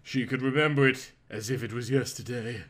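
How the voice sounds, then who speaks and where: A man's voice: medium pitch, fairly even intonation, a little fast, a bit bright, faint music behind. A man reading a comic parody story aloud in a melodramatic, mock-passionate narration.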